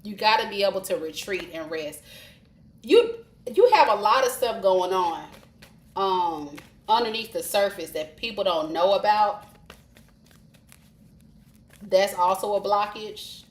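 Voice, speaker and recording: A woman giving a live-streamed tarot reading, chatty and informal, talking straight to her viewers. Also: fairly low pitch. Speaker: tarot reader. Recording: roomy echo with faint hiss.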